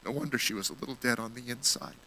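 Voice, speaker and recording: A man's voice: mid-range voice, quick pace, background noise. A man giving an earnest sermon, telling a personal story and appealing to the congregation. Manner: earnest storytelling, gets emotional. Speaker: guest speaker at a church.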